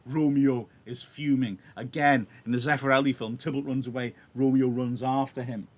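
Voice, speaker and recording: A man's voice: mid-range voice, fairly even intonation, normal speed, hardly any pauses, a little mellow. A man with a Welsh accent, a teacher talking through a play in a conversational way and often checking in with the listener. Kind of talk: live reading with analysis.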